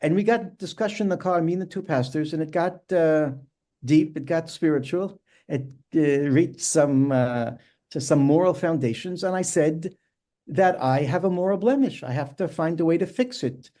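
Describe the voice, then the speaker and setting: A middle-aged man tells a personal story in an earnest, measured way. His voice sits a little high, yet its tone is warm and mellow. He speaks as a guest in a podcast interview. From New York. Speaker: rabbi and guest.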